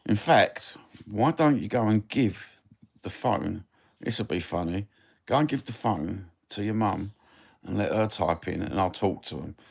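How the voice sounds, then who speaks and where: A man with a broad Cockney accent rambles through a casual live-stream chat, cheeky and quick to swear. His voice sits low with a gravelly, rough edge. He sounds middle-aged. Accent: Cockney London. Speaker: livestream host.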